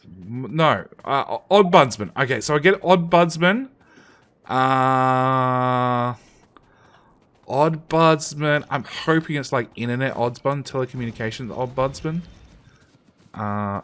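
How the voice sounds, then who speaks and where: A male streamer in the middle of a casual live broadcast, talking to chat at an ordinary pitch. He rambles, restarts his sentences and trails off, mixing self-mocking jokes with offhand profanity. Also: lively intonation, a little slow, a bit bright.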